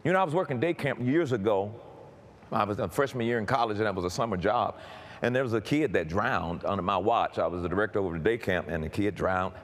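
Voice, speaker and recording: Low-voiced preacher man, emphatic testimony. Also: fast. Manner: dramatic swings from quiet to shouting, stammering repeats. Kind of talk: sermon testimony.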